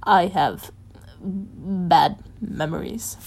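Brief: woman reader lowering her voice for a weary, guarded middle-aged man, slow and rough, storybook. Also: full character voice. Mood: grave, weary.

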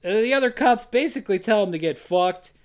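High-voiced man recapping with sarcastic asides. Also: expressive. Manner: sarcastic, quick asides, acts out lines in silly voices. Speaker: podcast co-host recapping a film. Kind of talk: casual comedic chat.

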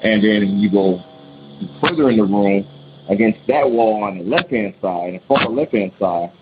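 Casual male storyteller, rambling and slangy, muffled lo-fi recording with steady hiss. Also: lowish voice, moderate pace. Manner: rambling, restarts often, slangy. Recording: dull lo-fi recording with clear noise.

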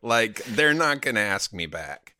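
A man spinning a casual, profane story with a bright, ringing voice. His pitch jumps around a lot as he acts out moments and laughs through them. His delivery is loose and animated. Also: unhurried. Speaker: guest.

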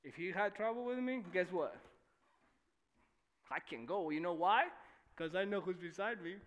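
Animated, high-voiced young male pastor. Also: normal speed. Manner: animated, swings from shouting to near-whispers. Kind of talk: sermon. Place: church.

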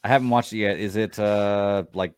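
A man with a notably low, deep voice hosts a laid-back podcast, cracking jokes and laughing often. His voice sounds close and dry, with almost no room around it. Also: steady tone, normal speed, clean tone, dry recording. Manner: joking, laughs easily. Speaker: podcast host. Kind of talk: casual podcast chat.

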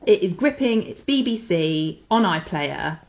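A woman's voice: lowish voice, sing-song, unhurried, muffled recording. A woman co-hosting a chatty podcast, talking with gushing enthusiasm about things she recommends. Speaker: podcast co-host. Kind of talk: casual chat with recommendations.

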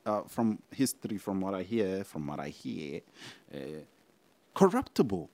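A man's voice: deep voice, big pitch swings, a little slow, darkish tone, no echo. A young South African man hosting a casual solo podcast, rambling and talking straight to his listeners. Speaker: podcast host.

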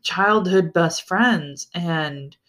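Slow-talking, cussing book podcast host. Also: mid-range voice, a bit bright. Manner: enthusiastic, swears freely, stumbles and restarts. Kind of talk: casual solo book-review chat.

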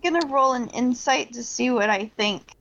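A woman's voice: on the high side, normal speed, creaky, fairly bright tone, lo-fi sound, slight background noise. A woman playing a tabletop game, calling her dice rolls in a matter-of-fact way. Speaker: player. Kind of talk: casual tabletop game talk.

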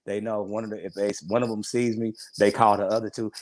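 A man in his forties speaks in a low voice, heartfelt and a little rambling as he restarts his thoughts. The sound is dry and close, with no room around it. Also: flat delivery, fast talker, darkish tone, no room sound. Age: 40s. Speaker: podcast guest. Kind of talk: casual interview chat.

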